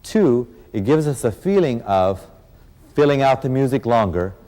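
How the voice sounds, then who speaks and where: A man's voice: mid-range voice, lively intonation, moderate pace, warm tone. A man teaching dance in an instructional video, explaining technique and counting the beats aloud. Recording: reverberant hall with music playing.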